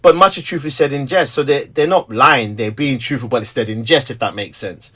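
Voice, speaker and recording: A middle-aged man, a stay-at-home father who also preaches, talking candidly in an animated, storytelling way with frequent laughter. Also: medium pitch, a little fast, husky. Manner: animated storyteller, acts out quotes, laughs often. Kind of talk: candid conversation.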